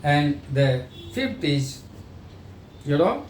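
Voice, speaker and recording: Speaking extremely slowly in a fairly high, sing-song voice, a man gives an explanatory sales training lecture and acts out sales dialogues. The recording is echoey and distant, with faint noise.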